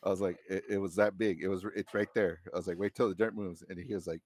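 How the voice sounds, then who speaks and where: Male podcast guest, deep voice, laid-back storyteller who rambles with slang. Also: steady tone, quick pace, few pauses, darkish tone, no room sound. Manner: loose and rambling, heavy slang and swearing. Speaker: podcast guest, former Marine. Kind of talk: casual storytelling.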